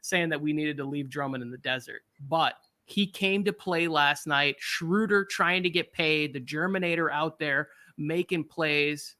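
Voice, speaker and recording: Man, sports podcast host, bright forceful voice, slightly high, animated, jokey. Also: a little slow, hardly any pauses. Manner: animated, jokey, slips into impressions. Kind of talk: casual sports talk.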